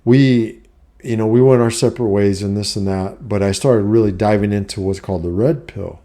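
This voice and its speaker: A man's voice: lowish voice, normal speed, mellow. A middle-aged man, a life coach, talking candidly to camera in a rambling, profane, confessional way. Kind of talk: candid personal talk to camera.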